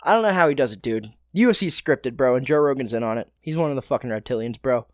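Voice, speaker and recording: A man's voice: mid-range voice, animated, fast talker, no echo, studio quality. A young man hosting his own podcast, breaking down fights alone in a loose, profane way with joking asides. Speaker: podcast host. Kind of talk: casual solo fight breakdown.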